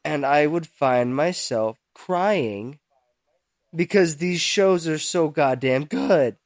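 A young man co-hosting a casual podcast, rambling and halting as he searches for words, with some swearing. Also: on the high side, lively intonation, no room sound, clean studio sound. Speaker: podcast co-host. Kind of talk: casual chat.

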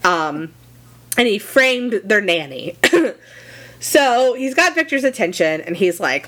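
A woman's voice: medium pitch, takes it slowly, long pauses. Chatty, profane young woman podcaster. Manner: animated, profane, lots of fillers and asides. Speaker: podcast co-host. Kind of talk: casual chat, retelling a story.

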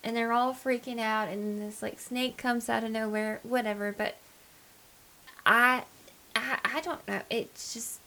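A woman's voice: on the high side, fairly even intonation, a little slow, pushed and bright. A woman co-hosting a podcast, talking frankly and chattily about her own experiences. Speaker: podcast co-host. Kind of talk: casual chat.

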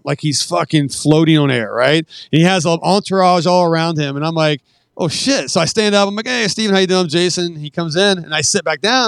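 A middle-aged man tells stories as a podcast guest in a fairly high voice. He swears freely and acts out the dialogue with lively energy. The sound is dry and close. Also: no room sound. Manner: profane, animated anecdote-telling that acts out quoted dialogue. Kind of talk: casual storytelling.

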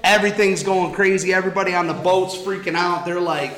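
A man leading a Bible study for a small group, retelling scripture in a lively, casual way. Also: high-pitched, brisk. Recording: echoey room.

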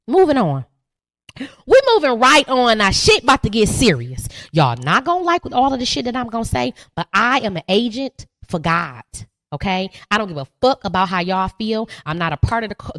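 High, lively woman podcast host. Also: moderate pace, dry recording, clean studio sound. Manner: animated, profane, preachy. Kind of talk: live podcast commentary.

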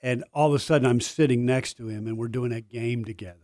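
A man's voice: mid-range voice, steady tone, quick pace, darkish tone, dry recording. An older man, a studio interview guest telling stories in a humble, self-deprecating way. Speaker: guest, former player and broadcaster. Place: radio studio.

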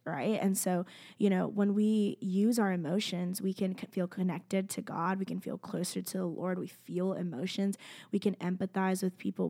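A woman's voice: mid-range voice, warm tone. A young woman telling a personal faith story to camera, earnest and chatty, with "like" in nearly every phrase. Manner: chatty, earnest, fills speech with "like". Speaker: faith vlogger. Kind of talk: casual personal testimony to camera.

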